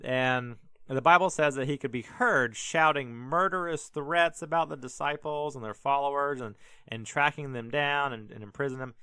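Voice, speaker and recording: A man's voice: mid-range voice, moderate pace, pushed and bright, clear, resonant tone, no room sound. A man hosting a podcast, casually retelling a Bible story in a rambling, joking way full of fillers and restarts. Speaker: podcast host.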